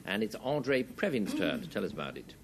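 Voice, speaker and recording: A man hosting a 1970s panel game show, wry and brisk as he calls on players. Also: lowish voice. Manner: lively, wry, reads out definitions. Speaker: quiz show host. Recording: 1970s studio broadcast with audience, noisy. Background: studio audience.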